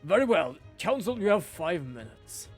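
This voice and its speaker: A man's voice: high-pitched, very animated, moderate pace, breathy edge, soft background music, full character voice. A man voicing a formal older male judge in a video game. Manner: formal, ceremonious.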